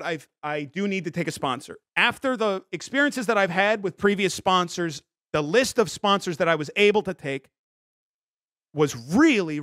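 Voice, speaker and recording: A man's voice: sits high, fairly bright tone, dry recording, studio quality. A young man streaming a comedy bit, rambling defensively through restarts and apologies. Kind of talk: improvised comedy bit as a scandal-hit streamer.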